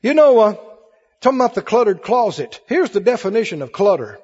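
High-voiced preacher in an echoing hall. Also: male voice, sing-song, brisk, darkish tone, slightly rough. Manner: emphatic preaching, calls for congregation responses. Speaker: pastor. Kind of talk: sermon. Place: church hall with congregation. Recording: lo-fi recording in a reverberant hall.

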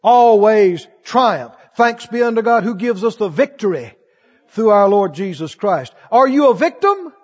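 A man's voice: high-pitched, sing-song, a little slow, a little mellow. A man preaching a sermon as pastor, asking the congregation questions and acting out the voices of doubters. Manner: preaching with call-and-response questions; acts out quoted voices of doubters. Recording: dull recording in a large echoing hall.

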